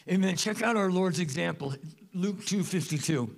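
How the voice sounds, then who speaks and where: A pastor delivers a sermon in a high, gravelly man's voice. He is animated and jokes as he goes, and he jumps into loud, emphatic bursts. It sounds like a church service. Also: normal speed. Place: church sanctuary.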